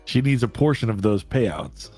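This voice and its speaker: Lively-voiced man co-hosting a stream. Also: lowish voice, normal speed, husky, faint music behind. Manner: lively, laughing reactions. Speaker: co-host. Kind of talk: casual live-stream chat.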